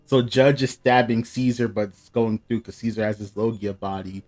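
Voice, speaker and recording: A man's voice: lowish voice, steady tone, normal speed, a little mellow, soft background music. A man hosting a casual live reaction, reading the panels aloud between his own comments. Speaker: manga reaction host.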